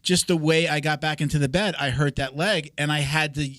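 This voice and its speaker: Guy in his 40s hosting a podcast, kinda high voice, dry close mic, rambly and self-mocking. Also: fairly quick, dry recording. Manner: relaxed, rambling, self-deprecating. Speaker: podcast host and coach. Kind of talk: casual podcast conversation.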